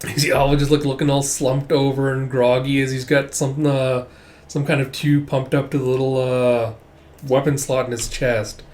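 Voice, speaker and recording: A man's voice: medium pitch, level tone, normal speed, a little mellow. A man hosting a casual channel, reading a manga and chatting loosely with many filler words. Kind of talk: casual reaction commentary.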